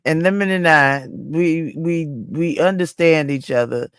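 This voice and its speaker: A woman's voice: low voice, a little slow, clean tone, no room sound, clean studio sound. Earnest woman talking things out. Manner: earnest, conciliatory. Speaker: livestream panelist. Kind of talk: casual chat.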